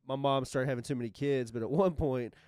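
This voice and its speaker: A man's voice: mid-range voice, darkish tone, smooth, dry recording, studio quality. A man co-hosting a podcast, telling a personal story in rambling casual chat with many restarts. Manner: rambling, halting, restarts often. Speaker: podcast co-host.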